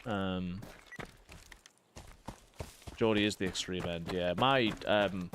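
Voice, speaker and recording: Man, 30s, northeast English accent, low voice, casual streamer chat, rambling asides, faint hiss. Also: a bit bright. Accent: northeast English, softened. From northeast England. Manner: rambling, self-interrupting, quick asides. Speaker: streamer and vicar.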